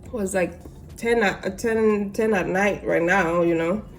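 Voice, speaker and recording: A young woman from Africa telling a long personal story casually between bites, animated and acting out the other people's lines. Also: medium pitch, measured pace, faint music behind. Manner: animated, acts out voices in quotes. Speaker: mukbang vlogger. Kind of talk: casual storytelling while eating.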